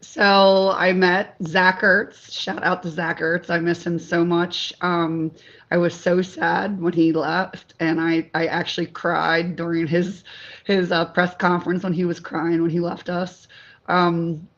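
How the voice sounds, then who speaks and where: A woman from Delaware, a talk show guest, telling lively stories in casual chat and laughing often. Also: fairly low pitch, measured pace, dull audio. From Delaware, USA. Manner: animated storyteller, laughs often.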